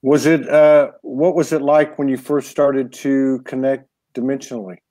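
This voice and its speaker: A man's voice: medium pitch, little pitch movement, moderate pace, warm tone, no room sound. A man interviewing a guest, asking long, searching questions. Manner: asks rambling, searching questions. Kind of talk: interview conversation.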